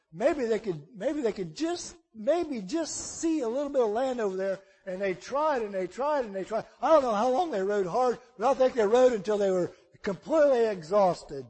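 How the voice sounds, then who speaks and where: A man preaches with a drawl in a notably high voice. He works dramatically, rising to loud declarations and then dropping to hushed asides. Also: poor audio. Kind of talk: sermon.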